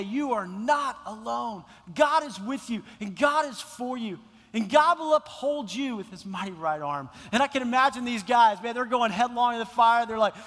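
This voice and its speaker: A man's voice: sits high, fairly bright tone, in a large hall. A male pastor preaching a sermon in a church, impassioned and repeating phrases for emphasis. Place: church sanctuary.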